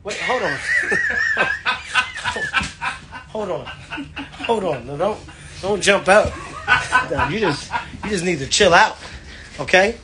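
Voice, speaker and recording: A man, a comedian, streaming live from his home on his phone, loud and playful, swearing constantly and laughing between his lines. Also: high-pitched, huge pitch swings, slow pace, pauses often, very noisy. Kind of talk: hyped, profane live-stream rant.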